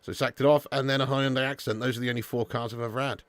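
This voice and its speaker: A man's voice: mid-range voice, steady tone, fast talker. A man hosting a live football watch-along, chatting casually with viewers and calling them mate and lad. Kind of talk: casual live-stream chat.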